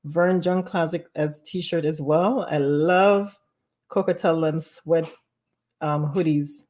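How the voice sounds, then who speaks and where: A woman's voice: low voice, steady tone, slow, darkish tone. A woman hosting a casual live stream from home, reading viewer comments aloud and laughing often. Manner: laughs often, bubbly and chatty.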